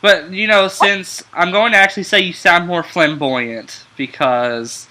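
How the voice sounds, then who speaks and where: A young man with a Southern country accent on a casual podcast chat, teasing and joking, then quick to apologize. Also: high voice, fairly even intonation, pushed and bright, poor audio. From American South. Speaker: podcast co-host.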